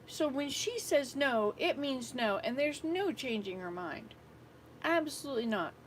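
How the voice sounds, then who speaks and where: An older woman serving as a missionary, telling a family story in a rambling, animated way and acting out the dialogue. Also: a little high, slight background noise, low-quality recording. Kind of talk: casual storytelling vlog.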